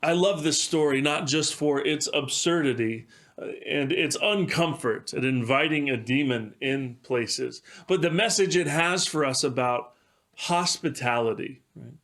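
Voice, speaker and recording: A pastor telling a devotional story in a measured way, with occasional fillers. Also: male voice, fairly high pitch, a bit bright.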